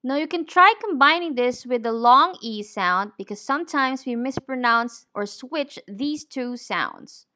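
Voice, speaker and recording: A woman teaching English pronunciation, saying each word deliberately and clearly. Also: high voice, animated, pushed and bright. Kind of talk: slow, careful pronunciation lesson.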